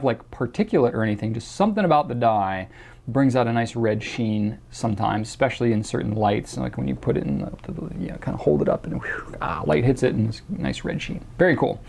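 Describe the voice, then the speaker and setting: A slightly mellow, mid-range voice belongs to a man casually fielding viewer questions on his show. When reading one out, he adopts a mock accent, and his talk is peppered with fillers and restarts.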